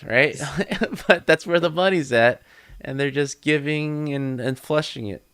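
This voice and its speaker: A man's voice: fairly high pitch, measured pace, fairly bright tone, smooth. A man co-hosting a casual podcast roundtable, ranting bluntly and laughing between points. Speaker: podcast co-host.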